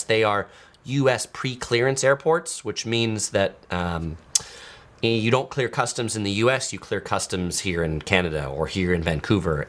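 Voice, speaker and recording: A man's voice: fairly low pitch, a bit bright. A man talks through his trip in a loose, conversational stream. He trips over his own sentences, fills gaps with "uh" and "like", and stops to answer viewer comments. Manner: chatty, many fillers and restarts, reads viewer comments. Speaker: travel vlogger. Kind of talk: casual live-stream chat.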